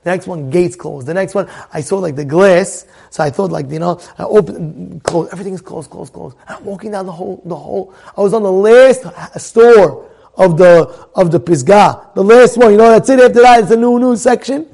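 High-voiced American man telling a story. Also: normal speed, gravelly. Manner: animated, repeats phrases, acts out quoted dialogue. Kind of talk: casual personal storytelling.

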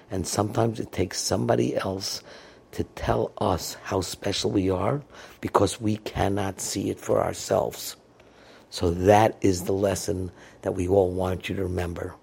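A man telling a moral story as a sermon, acting out the dialogue with an animated voice. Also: sits low, a little slow, creaky, breathy edge. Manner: animated, dramatizes dialogue with raised voice. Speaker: storyteller and columnist.

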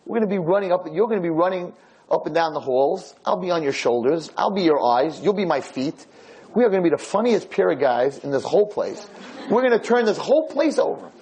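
A man's voice: a little high, expressive, fairly quick, a little mellow, slightly rough, voice pushed up, low-quality recording. A man voicing a friendly, upbeat old man in a nursing home who coaxes his roommate. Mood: coaxing. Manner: eager, friendly, coaxing.

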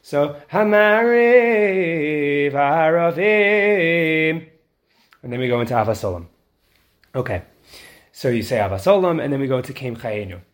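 A man teaching how to lead prayer, explaining quickly in plain talk and then chanting the tunes slowly to show them. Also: mid-range voice, animated, a little mellow. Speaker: prayer leader instructor. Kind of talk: teaching lesson with chanted demonstrations.

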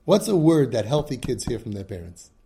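Emphatic man a dark voice. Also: mid-range voice, sing-song, fairly quick, slight background noise. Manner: emphatic, acts out children's pleas, mixes in Yiddish and Hebrew words. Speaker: group leader speaking to siblings. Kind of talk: impassioned talk to a support group.

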